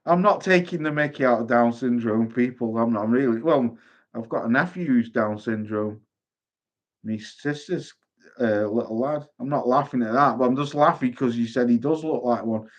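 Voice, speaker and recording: A man hosting a casual boxing chat stream, sweary and quick to laugh while reading out viewer comments. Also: medium pitch. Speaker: boxing livestream host.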